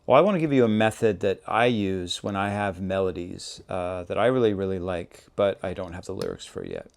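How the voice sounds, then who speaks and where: Gravelly low-voiced man teaching songwriting. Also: brisk. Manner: relaxed, conversational, explains step by step. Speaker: songwriting teacher, show host. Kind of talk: casual instructional talk.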